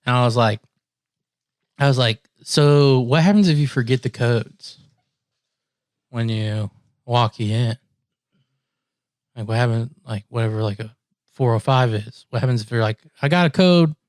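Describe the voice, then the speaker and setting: A man's voice: mid-range voice, a little slow, long pauses, no echo, clean studio sound. A man on a podcast telling a long story in casual chat, acting out what others said and laughing often. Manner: animated storyteller, acts out quotes, laughs often. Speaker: podcast co-host.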